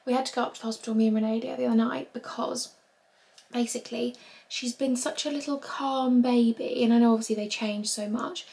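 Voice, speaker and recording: A woman's voice: fairly high pitch, fairly even intonation, fairly quick, creaky, a little mellow, husky. A young woman talking candidly and emotionally to a phone camera at home, rambling with restarts. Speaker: vlogger. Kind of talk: casual confessional vlog. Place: bedroom at home.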